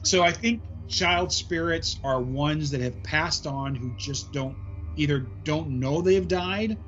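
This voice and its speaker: A man talking as a guest on a casual podcast, his voice sitting slightly high. He wanders through his points with plenty of "um" fillers. The recording is dull and lo-fi, with faint music underneath. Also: slow, fairly bright tone. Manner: rambling explanations full of "um" fillers. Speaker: paranormal investigator guest.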